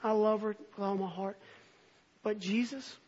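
A man preaching a sermon, moving from quiet scripture reading to earnest, impassioned appeals. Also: high-pitched, steady tone, a little slow, slightly rough. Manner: earnest, swells from soft reading to impassioned near-shouting. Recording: dull lo-fi recording.

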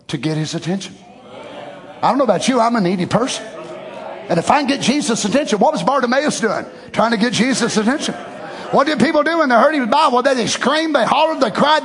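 A middle-aged man preaching a sermon in a folksy, conversational way that swells into emphatic exclamations. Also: high voice. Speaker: pastor.

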